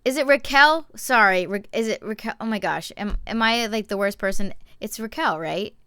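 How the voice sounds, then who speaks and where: A woman's voice: mid-range voice, fairly quick, a bit bright, smooth, no room sound, studio quality. A young woman hosting a casual live-stream show from a cluttered room at home, rambling and chatty with lots of fillers and restarts.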